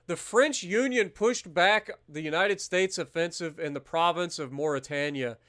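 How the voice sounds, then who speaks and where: A man streaming a naval strategy game, commenting casually, swearing freely and bursting into loud disbelief at the battle results. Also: a little high, normal speed, smooth. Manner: muttering calmly while managing menus.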